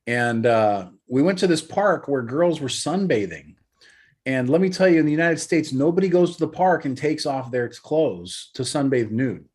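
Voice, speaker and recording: A man's voice: medium pitch, animated, normal speed, a little mellow. A middle-aged man co-hosting a casual podcast, telling stories in an easygoing, dryly joking way. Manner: easygoing storyteller, dry joking. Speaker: podcast co-host. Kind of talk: casual chat.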